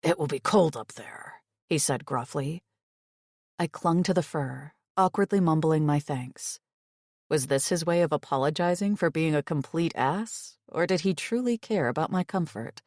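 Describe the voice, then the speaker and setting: A woman narrating a first-person audiobook in an expressive, breathy reading. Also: deep voice, normal speed, no echo, studio quality.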